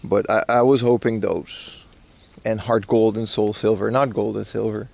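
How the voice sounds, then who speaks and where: Gravelly-voiced man live-streaming outdoors. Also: on the low side, steady tone, moderate pace, darkish tone. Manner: rambling, slangy, reads chat aloud. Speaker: IRL streamer. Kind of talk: casual live-stream chat. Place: outdoors in a park in Japan.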